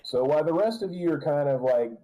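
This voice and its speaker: A man's voice: on the high side, animated, quick pace, warm tone, low-quality recording. A man narrating a tabletop game as game master, rambling with restarts and filler words.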